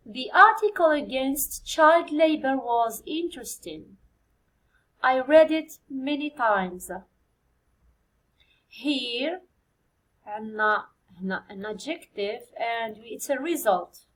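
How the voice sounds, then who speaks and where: Woman, Algerian accent, high voice, English teacher, patient exam review, slow spelled-out answers. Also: expressive, a bit bright, poor audio. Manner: spells and counts out answers slowly for students. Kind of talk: exam review lesson, code-switching with Arabic.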